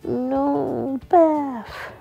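A woman's voice: high-pitched, steady tone, very slow, creaky, warm tone, muffled recording, faint music behind, voice pushed up, exaggerated voice. Woman doing a stubborn little girl.

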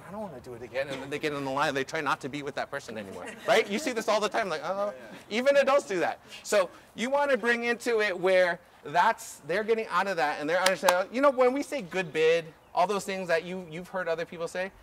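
A man coaching a group through drills outdoors, energetic and instructive, often checking in with "okay?". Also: sits high, fast, crowd noise. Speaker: ultimate coach. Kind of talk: outdoor coaching clinic demonstration. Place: outdoor field.

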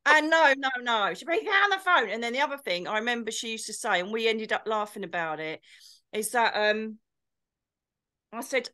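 A woman's voice: on the high side, lively intonation, normal speed, bright, forceful tone. A woman co-hosting a casual chat, telling stories animatedly and slipping into comic impressions. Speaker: co-host.

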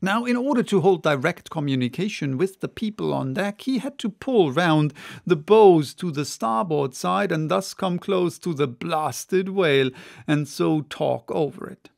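A man reads a classic sea novel aloud as an audiobook, taking it unhurried and expressive. His voice is fairly high with a gravelly, creaky texture. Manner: measured, expressive reading. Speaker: audiobook narrator. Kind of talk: unabridged audiobook reading.

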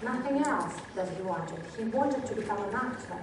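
A woman's voice: a little high, lively intonation, normal speed, noisy background. A woman presenter at a workshop, telling a motivational story with lots of restarts and acted-out quotes. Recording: very echoey hall, distant mic.

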